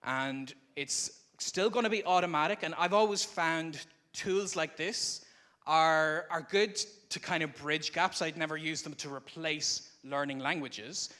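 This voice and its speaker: A man's voice: a little high, a little slow, sharp tone. A man giving a live presentation to an audience at a conference, speaking into a microphone in a conversational, explanatory way. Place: conference room before an audience.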